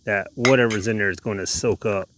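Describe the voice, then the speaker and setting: Lowish and a little fast, this hiker's voice comes through a noisy background. Out by a woodland lake and breathing hard, he vlogs in a relaxed, chatty way, demonstrating his gear as he goes.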